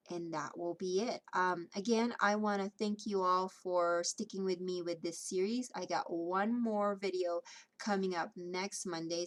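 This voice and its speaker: A woman vlogger casually narrating her scrapbook layout process, chatty and relaxed with frequent ums. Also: lowish voice.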